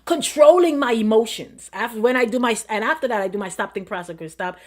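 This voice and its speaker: A middle-aged woman pastor with a somewhat high voice preaches in a relaxed, conversational style. She repeats her phrases, keeps asking the listeners questions, and sinks to a soft murmur whenever she quotes what she tells herself. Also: quick pace. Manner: drops to a soft murmur when quoting her self-talk. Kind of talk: sermon.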